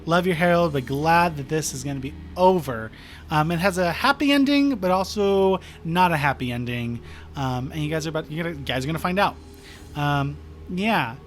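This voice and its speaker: A man's voice: a little high, lively intonation, moderate pace, a little hiss or hum. A man hosting a paranormal podcast, chatting casually and laughing easily, with lots of fillers. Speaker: podcast host. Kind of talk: casual chat.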